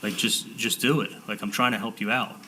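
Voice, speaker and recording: In court, the defendant speaks in a low, bright, forceful voice that holds a steady tone. His account of past conversations comes in halting bursts full of restarts and repeated words. The audio is poor, with a faint room hiss underneath.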